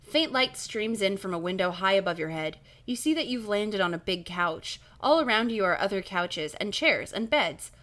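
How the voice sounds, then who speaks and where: Woman, live-stream storyteller, medium pitch, casual, chatty asides, occasional swearing. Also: lively intonation, moderate pace, few pauses, fairly bright tone. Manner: casual, swears, laughs at own slips. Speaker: streamer reading a horror book aloud.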